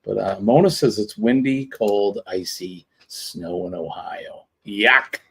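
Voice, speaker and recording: Low gravelly man hosting a live chat. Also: takes it slowly, a bit bright. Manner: rambling, lots of ums and uhs. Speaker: livestream host.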